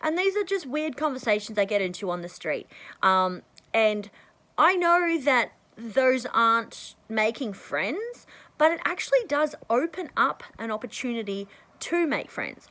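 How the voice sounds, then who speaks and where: A woman vlogger giving casual advice to the camera, rambling and chatty, often clearing her throat. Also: rough recording. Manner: bursts into high excited tones when acting out conversations.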